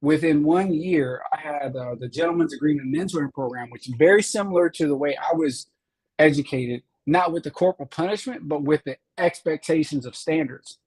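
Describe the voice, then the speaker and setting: Man, from chicago, lawmaker guest, husky, slightly high pitched, earnest. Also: a little fast, a little mellow, poor audio. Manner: earnest storyteller, acts out quoted teachers. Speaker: state representative guest. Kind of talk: interview conversation.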